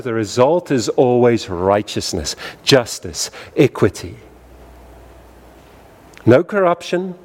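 A man preaching a sermon in an emphatic style, repeating phrases with wide rises and falls in pitch. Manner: emphatic, repetitive cadence with wide swings in pitch.

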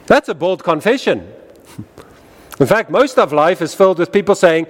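Man, preacher, sermon, emphatic, repetitive cadence, fairly high voice. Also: big pitch swings, moderate pace. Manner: emphatic, repetitive cadence with wide swings in pitch.

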